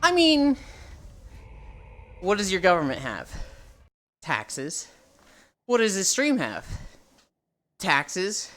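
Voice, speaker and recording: A woman streamer chatting casually with her live chat, teasing viewers and telling animated stories. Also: medium pitch, takes it slowly, long pauses. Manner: animated storytelling with laughter.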